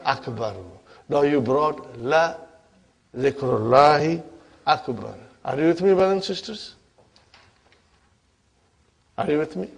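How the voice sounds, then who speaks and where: A man teaching an Arabic grammar class, speaking slowly and deliberately and often checking that his listeners follow. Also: a little high, vocal fry, husky. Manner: slow, deliberate, constantly checks on listeners with questions.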